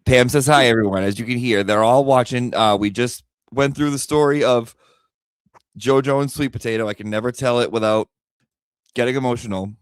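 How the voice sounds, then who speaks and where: A man's voice: mid-range voice, fairly quick, clear, resonant tone, no room sound. A man hosting a casual livestream chat, talking loosely with lots of fillers and restarts. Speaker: livestream host.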